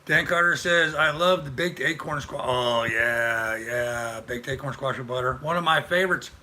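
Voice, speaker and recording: A man's voice: mid-range voice, normal speed, sharp tone. An older man hosting a casual live stream, rambling and chatty as he greets viewers by name. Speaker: livestream host.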